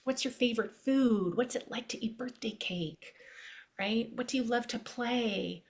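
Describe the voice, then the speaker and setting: A middle-aged woman, a pediatric neurologist, explaining a calming technique in a gentle, storytelling way during an interview. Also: a little high, a little slow. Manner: gentle, storytelling, drops to a soft hush. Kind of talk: conversational interview.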